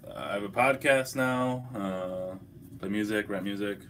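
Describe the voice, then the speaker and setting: A man's voice: lowish voice, a little slow, fairly bright tone, slight background noise. A young man hosting a casual livestream, hungover, reading chat questions aloud and answering in a laid-back, profane way.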